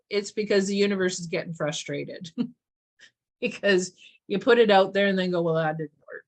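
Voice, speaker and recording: A woman hosting a podcast, talking casually about gratitude and acting out quoted voices with big swings in pitch. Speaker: podcast host. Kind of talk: casual spiritual chat.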